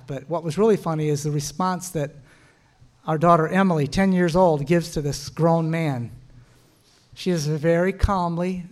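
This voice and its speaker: A middle-aged man teaching about marriage in a sermon-like talk, telling stories and breaking into quick laughs and punchy asides. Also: on the high side, darkish tone.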